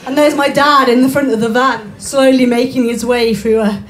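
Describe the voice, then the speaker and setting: A young woman performing stand-up at a small bar open mic. Her voice sits high, and she talks in a chatty, self-mocking way with quick asides and restarts. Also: steady tone, slight background noise. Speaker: stand-up comedian. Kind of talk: live stand-up comedy. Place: small comedy bar stage.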